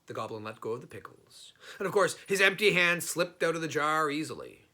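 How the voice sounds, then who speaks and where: A man reading a children's story aloud in an expressive, unhurried way. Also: on the high side.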